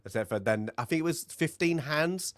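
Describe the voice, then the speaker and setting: A man's voice: a little high, lively intonation, normal speed, no echo. A man co-hosting a film review show in casual, rambling chat, full of fillers and restarts.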